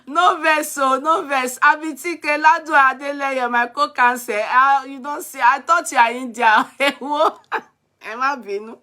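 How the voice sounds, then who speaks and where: A woman's voice: high voice, steady tone, a little slow, bright, forceful tone. A Nigerian woman vlogger chatting live with her viewers, exclamatory and switching between Pidgin and Yoruba. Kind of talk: live-stream chat with viewers.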